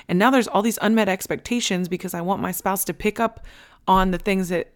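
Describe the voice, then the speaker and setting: A woman's voice: medium pitch, brisk. Blunt, emphatic woman podcast host. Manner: emphatic, blunt, casual with swearing; repeats key points for emphasis. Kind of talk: candid motivational podcast talk.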